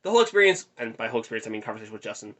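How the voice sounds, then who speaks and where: A man's voice: on the low side, very animated, rapid-fire, a bit bright. A young man telling a rambling, self-deprecating story in a casual vlog, recorded in his bedroom. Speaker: vlogger.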